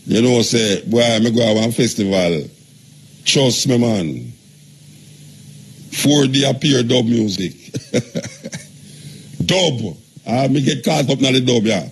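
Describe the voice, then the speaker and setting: A man's voice: mid-range voice, breathy edge. A man with a Jamaican accent hosting a radio talk show, preaching in drawling patois and teasing his callers.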